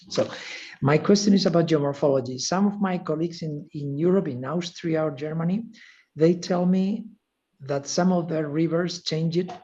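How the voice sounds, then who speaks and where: A man from Spain with a Spanish accent, a visiting professor asking a careful, halting, apologetic question at a seminar. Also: a little high, a little mellow, dull audio.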